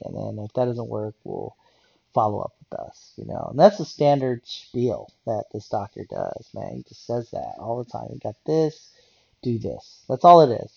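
A man's voice: medium pitch, gravelly, dark tone, husky, dry recording, dull audio. A man talking in a rambling, blunt casual rant about working in a medical office, swearing and repeating himself.

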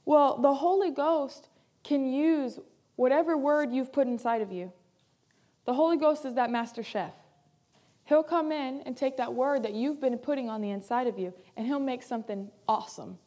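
Her high voice moving at normal speed, a woman pastor preaches a sermon, hammering home repeated key phrases and alternating between loud and quiet passages.

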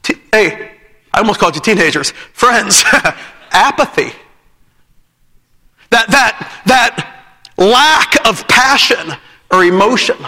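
High, bright-voiced man preaching. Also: lively intonation, slow pace, long pauses, long reverb tail. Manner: emphatic, repeats phrases, breaks into laughter. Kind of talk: sermon.

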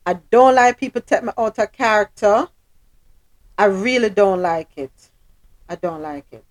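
A woman's voice: medium pitch, normal speed. A woman hosting a casual talk show, venting her frustration, apologizing to her listeners and speaking emphatically. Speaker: podcast host.

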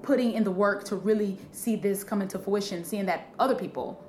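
A woman comedian from Illinois, telling a story in animated, profane casual chat. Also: mid-range voice, brisk, reverberant, slight background noise. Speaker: comedian guest.

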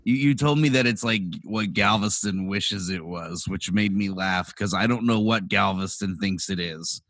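A man's voice: low-pitched, normal speed, a bit bright, no room sound, clean studio sound. A man co-hosting a podcast, teasing his friend and joking in a casual chat. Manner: teasing, jokey. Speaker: podcast co-host.

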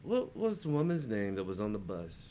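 A man's voice: on the low side, wildly swooping pitch, moderate pace, dark tone, a little hiss or hum. A man co-hosting a podcast in casual chat, incredulous and profane, repeating his exclamations. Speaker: podcast co-host.

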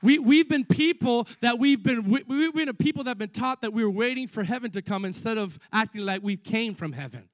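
A young man preaching a lively sermon, stuttering repeats and quick asides to the congregation. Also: very high voice, no echo. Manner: excitable, repeats words, frequent asides to the congregation. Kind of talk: energetic sermon.

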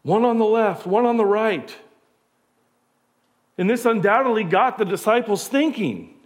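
A pastor, preaching a conversational sermon full of rhetorical questions. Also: male voice, high-pitched, animated, unhurried.

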